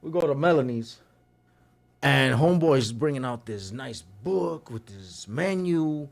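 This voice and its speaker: A man, a podcast host telling a story in a casual, animated way, laughing often and acting out what others said. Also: medium pitch, a little slow, vocal fry. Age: 40s.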